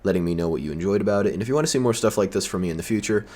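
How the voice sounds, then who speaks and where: A man's voice: on the low side, racing, darkish tone. A man delivering a heated, profane and sarcastic vlog rant. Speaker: vlogger. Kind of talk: ranting commentary.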